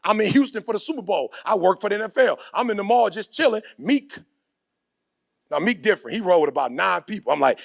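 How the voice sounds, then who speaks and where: A man giving an energetic motivational speech, leading the crowd in call-and-response and building to shouts, with slang-filled storytelling. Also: high-pitched, fast, creaky. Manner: slips into street slang and storytelling. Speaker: motivational speaker.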